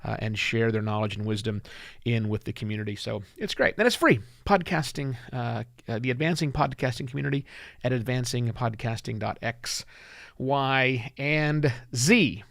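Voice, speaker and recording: Chatty self-deprecating podcast host, phlegmy. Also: male voice, medium pitch, moderate pace, creaky, a bit bright, no echo, studio quality. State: a little phlegmy, clearing throat. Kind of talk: live-taped solo podcast, casual chat. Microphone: studio mic with headphones.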